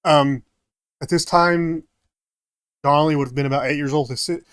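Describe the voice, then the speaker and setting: A man's voice: fairly high pitch, steady tone, normal speed, fairly bright tone, clear, resonant tone, no echo, clean studio sound. A man co-hosting a casual podcast, walking through his research notes with frequent fillers and self-corrections. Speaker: podcast co-host presenting research.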